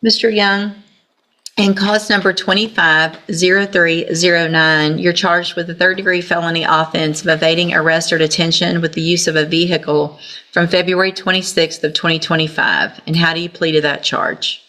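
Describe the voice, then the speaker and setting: A woman's voice: on the low side, steady tone, normal speed, pushed and bright. A woman judge, presiding in court and scolding a defendant in a stern, commanding way. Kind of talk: courtroom proceedings.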